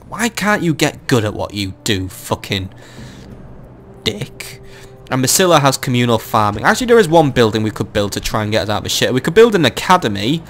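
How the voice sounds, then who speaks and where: A young man talks through a strategy game from his home setup, swearing freely and ranting whenever things go wrong. His voice sits at an ordinary middle pitch. Faint game ambience hums behind him. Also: fairly bright tone, a little hiss or hum. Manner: swearing, exasperated, ranting, with bursts of mock outrage. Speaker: gaming let's-play host. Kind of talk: casual gameplay commentary.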